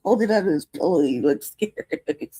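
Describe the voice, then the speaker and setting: A woman's voice: fairly low pitch, lively intonation, moderate pace, warm tone, breathy edge. A woman in her forties hosting a casual livestream, telling a rambling story full of laughter and profanity. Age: 40s. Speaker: livestream show host.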